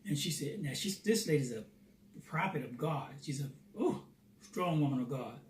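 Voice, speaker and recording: A man telling a personal faith testimony as a lively storyteller who acts out the dialogue. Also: fairly high pitch, normal speed. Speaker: Christian theater founder. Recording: roomy, distant mic, faint noise.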